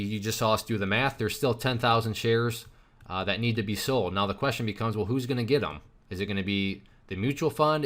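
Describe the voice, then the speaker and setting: A man's voice: on the low side, a bit bright. A man teaching a recorded lesson on stock trading in a conversational way, with rhetorical questions and frequent restarts. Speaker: trading instructor.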